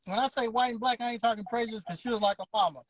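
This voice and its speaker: A man's voice: very high-pitched, low-quality recording. Emphatic man in his fifties. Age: 50s. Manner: emphatic, preacher-like, drawn-out words. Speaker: interview guest, barber school owner. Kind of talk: motivational storytelling.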